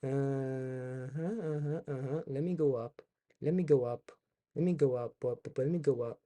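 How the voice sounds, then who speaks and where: Young man, livestream reaction rant, profane, repetitive, mellow dark tone. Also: mid-range voice, moderate pace. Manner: ranting, profane, repeats himself. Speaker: streamer.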